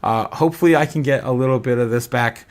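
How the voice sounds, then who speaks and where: A man hosting a live stream. He talks in an excitable way, laughs often, and stammers and repeats himself. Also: medium pitch, fast talker. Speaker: crypto livestream host.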